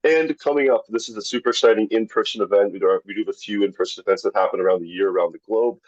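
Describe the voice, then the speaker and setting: Low-voiced man hosting an online talk. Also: very fast, no room sound, highs cut off. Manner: upbeat, reads sponsor lists, some restarts. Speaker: webinar host. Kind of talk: live online talk introduction. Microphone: video call.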